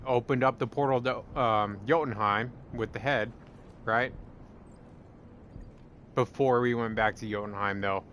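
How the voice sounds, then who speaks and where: A man chatting casually, rambling and swearing, full of fillers and getting excited as he talks. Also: mid-range voice, a little hiss or hum. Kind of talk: casual chat.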